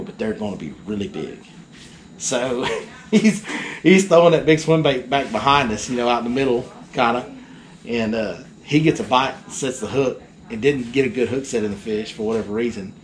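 A male fishing guide with a medium-pitched voice tells a story in casual chat. He's animated and acts out the people involved.

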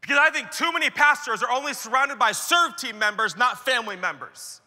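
A man's voice: very high voice, lively intonation, a little fast, pushed and bright, long reverb tail. A man preaching a sermon to church leaders at a conference, talking casually and acting out the voices he quotes. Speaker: pastor. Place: large conference hall.

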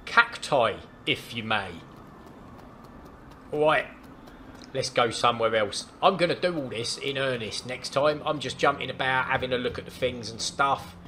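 A man's voice: mid-range voice, normal speed, pushed and bright, a little hiss or hum. A man hosting his gaming channel, giving casual, jokey, awestruck commentary as he plays.

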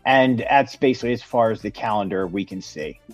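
A man's voice: fairly low pitch, fairly quick, dry recording, soft background music. A man co-hosting a casual news podcast, reading items aloud with fillers and small slips. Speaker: podcast co-host. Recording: dry, dull lo-fi podcast audio.

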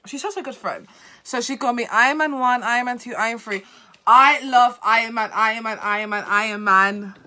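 A tired woman vlogger unboxing gifts at home, talking in an excitable, apologetic way. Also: a little high, brisk. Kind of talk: unboxing vlog.

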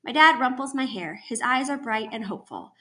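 Teacher lady reading a chapter book out loud, bright highish voice, expressive. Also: brisk. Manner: expressive, steady storytelling. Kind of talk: reading a novel aloud.

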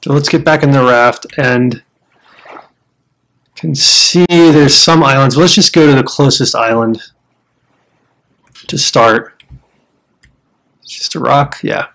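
An American man talking through a survival game at a mid pitch. He is chatty and explains each step to the viewers as he goes. Now and then he breaks into loud startled outbursts. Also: takes it slowly, creaky, long pauses. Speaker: gamer showing a survival game. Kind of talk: casual game commentary.

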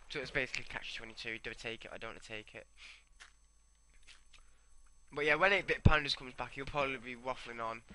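Bright-voiced man narrating gameplay. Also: mid-range voice, a little hiss or hum. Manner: rambling, talks to himself while playing. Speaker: gameplay commentator. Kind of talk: casual gameplay commentary.

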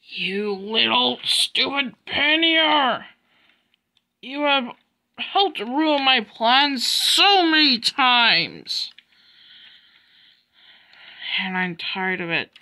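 Spiteful male villain engine for a toy train drama, ranting with bright, sharp edges, put on by a woman. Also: on the high side, a little slow, poor audio. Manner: snarling, ranting. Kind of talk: fan-made toy train drama voicing.

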